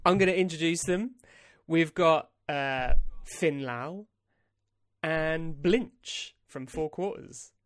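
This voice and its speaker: A man's voice: fairly high pitch, takes it slowly, dry recording, studio quality. A man hosting a casual podcast, enthusiastic and jokey as he introduces guests. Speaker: podcast host.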